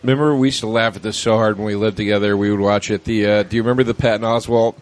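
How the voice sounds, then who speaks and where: A man's voice: lowish voice, rapid-fire. A man co-hosting a casual comedy podcast, telling stories animatedly and acting out voices. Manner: animated storyteller, acts out voices. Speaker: podcast co-host.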